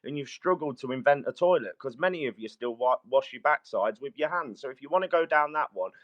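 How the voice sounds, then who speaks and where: A middle-aged man with a British accent argues bluntly over a live call. His voice sits at an ordinary pitch. The audio is dull and lo-fi. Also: lively intonation, fairly quick, a bit bright. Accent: British English. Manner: blunt, combative, complains about interruptions. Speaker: debater. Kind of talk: heated live audio debate.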